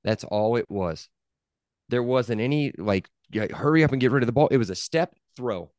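A man co-hosting a sports podcast, pressing his point again and again in loose, casual chat. His voice sits mid-pitch and the sound is dry and close, with no room around it. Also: expressive, moderate pace, a little mellow, no echo. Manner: emphatic, repeats himself, argues points. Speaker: podcast co-host.

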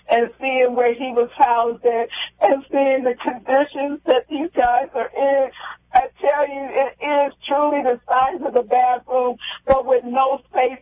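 A woman calling in as a guest, telling a personal story in a halting, heartfelt way that circles back on itself. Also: high-pitched, no room sound. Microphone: telephone. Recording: tinny phone line.

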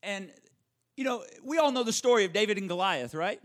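Brief: male pastor mid-sermon, fairly high voice that swoops a lot, animated, repeats lines for emphasis. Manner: animated preaching, repeats key phrases, quick asides to the congregation.

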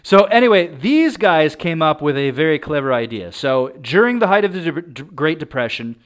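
A male podcast host leading a true-crime tale in casual, chatty conversation. His voice sits a touch high, and he keeps checking in with his co-host as he goes. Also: animated, moderate pace. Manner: chatty, often laughing, checks in with "right?". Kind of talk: casual storytelling chat.

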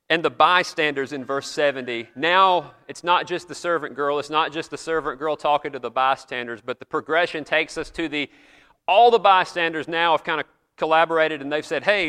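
A man's voice: fairly high pitch, sharp tone, smooth, long reverb tail. A man preaching a sermon, reading scripture aloud and then explaining it in a conversational way with everyday examples. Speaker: pastor.

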